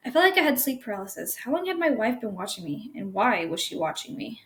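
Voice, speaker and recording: A woman's voice: fairly high pitch, very animated, quick pace, fairly bright tone. A woman narrating a creepy first-person story aloud, tense and with small slips and restarts.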